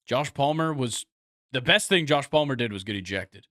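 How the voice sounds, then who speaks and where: A young man co-hosting a casual sports podcast, laid-back and quick to laugh, trailing off with fillers as he thinks. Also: mid-range voice, lively intonation, sharp tone, no echo, clean studio sound. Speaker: podcast co-host.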